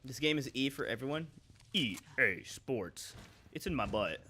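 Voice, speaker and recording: Brief: young male streamer, lively, bright voice, quick jokes, music under. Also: mid-range voice, slight background noise. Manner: joking, reacting to chat, sudden shouts. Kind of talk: live gameplay commentary.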